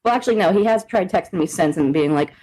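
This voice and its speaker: A woman's voice: lowish voice, expressive, quick pace, warm tone, breathy edge, rough recording. A young adult woman co-hosting a podcast, chatting casually and laughing often, with lots of swearing. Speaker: podcast co-host. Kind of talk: casual chat.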